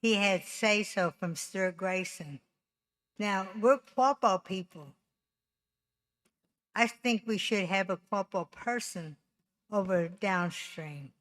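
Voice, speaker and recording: A woman's voice: medium pitch, slow pace, pauses often, fairly bright tone. A woman voices an unscripted complaint at a council meeting. She is insistent and aggrieved, and she repeats and restarts her phrases as she goes. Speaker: tribal member speaking at council. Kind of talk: unscripted public comment.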